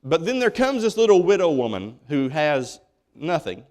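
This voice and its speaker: A man's voice: a little high, very animated, normal speed, darkish tone. Folksy, emphatic male pastor. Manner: folksy, emphatic preaching with many repeated starts. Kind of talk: sermon. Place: church.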